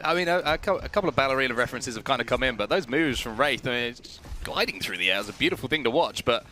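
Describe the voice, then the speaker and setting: A man's voice: medium pitch, lively intonation, rapid-fire, pushed and bright, a little hiss or hum. A man commentating an esports match, building suspense and adding wry asides. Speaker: esports caster. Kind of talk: play-by-play commentary.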